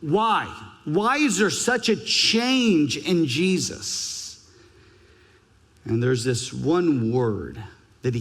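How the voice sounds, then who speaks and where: High-pitched, slow-talking preacher in a hall. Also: male voice, lively intonation. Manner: emphatic, varies pitch and pace widely, drops to a hush for scripture. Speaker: pastor. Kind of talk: sermon. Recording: long church hall reverb.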